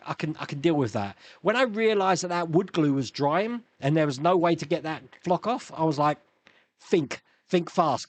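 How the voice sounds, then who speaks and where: A man's voice: fairly high pitch, no room sound. A man hosting a casual live stream, chatting and reading viewer comments with frequent chuckles and restarts.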